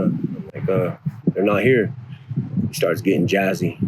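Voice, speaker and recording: A man in his forties from North Denver, telling rough stories from his past in casual, profane street slang. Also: fairly low pitch, moderate pace, noisy background. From North Denver, USA. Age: 40s. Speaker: interviewee. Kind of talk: casual storytelling.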